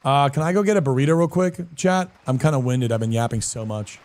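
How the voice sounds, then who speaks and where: A man live-streaming a game, chatting casually with viewers in a slangy, animated way and answering chat messages. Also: medium pitch, a little fast. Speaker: streamer and guild leader.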